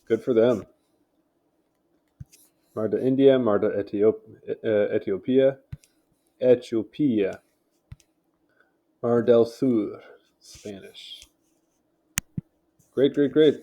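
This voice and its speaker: A man's voice: lowish voice, steady tone, takes it slowly, long pauses, mellow, lo-fi sound. A man casually reading articles aloud at home, stumbling over names and tossing in offhand remarks. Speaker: video host reading wiki articles. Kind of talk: casual read-along commentary. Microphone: home mic.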